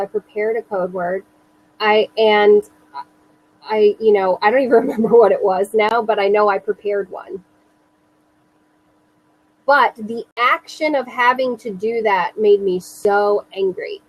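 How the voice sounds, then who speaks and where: A woman in her thirties, a mother recounting her own experience in an interview, speaking slowly and earnestly with halting restarts. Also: mid-range voice, low-quality recording. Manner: slow, earnest, self-reassuring, halting restarts. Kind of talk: personal testimony in an interview.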